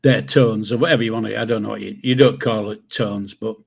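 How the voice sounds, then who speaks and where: A man's voice: lowish voice, steady tone, fairly quick, vocal fry, husky. An older man, hosting a casual livestream and chatting loosely with viewers, with a rambling manner, casual swearing and chuckles to himself. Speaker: livestream host. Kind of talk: casual live chat reading comments.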